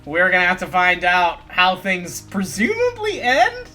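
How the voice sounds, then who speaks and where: A man hosts a let's play in a casual, wry way, reading game text aloud and laughing at the story. His voice is bright and forward. Soft music plays in the background. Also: sits high, moderate pace, few pauses. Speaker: host.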